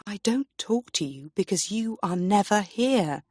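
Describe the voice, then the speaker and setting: A woman's voice: medium pitch, expressive, a little slow, darkish tone, dry recording, clean studio sound. Defiant young queen, as a woman reads her. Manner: firm, raised and indignant.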